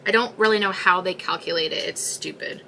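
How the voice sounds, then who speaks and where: A woman's voice: on the low side, fairly quick, creaky, pushed and bright, a little hiss or hum. A young woman chatting casually while she crochets, rambling and exasperated as she talks to her viewers. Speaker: crochet livestream host.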